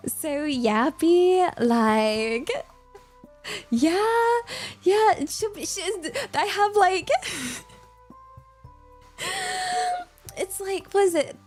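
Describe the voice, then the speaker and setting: A woman's voice: very high voice, big pitch swings, extremely slow, long pauses, faint music behind. A young woman with a British accent chatting casually on a livestream, rambling with lots of filler words and laughter. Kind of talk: casual stream chat.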